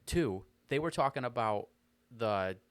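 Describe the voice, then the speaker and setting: A man's voice: medium pitch, lively intonation, measured pace, smooth, no echo. A young American man co-hosting a podcast in easygoing casual chat, swearing now and then. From United States. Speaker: podcast co-host.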